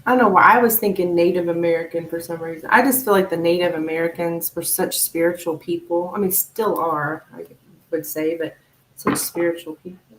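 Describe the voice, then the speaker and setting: A woman hosting a live tarot reading stream, chatting casually with viewers in an animated, upbeat way. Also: lowish voice, fairly quick. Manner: chatty, animated, laughs often, thanks viewers warmly. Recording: roomy echo.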